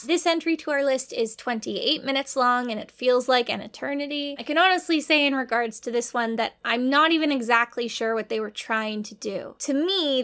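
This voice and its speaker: Woman host, dry sarcastic review narration, a bit high-pitched. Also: fairly bright tone. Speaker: video commentator. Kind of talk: scripted comedic commentary.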